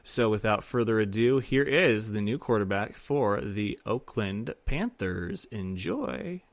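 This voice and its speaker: A man hosting a casual sports talk show, chatting and rambling in a lively way. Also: fairly low pitch, unhurried, dry recording. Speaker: podcast host.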